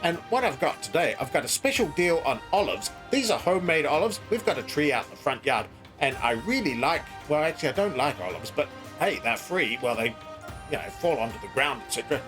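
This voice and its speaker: A meandering, deadpan crypto founder voiced by a man who dodges every question. His voice runs fairly high for a man, and faint music plays beneath this comedy parody. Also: fairly quick. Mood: evasive. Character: clueless broke crypto founder man, evasive and rambling.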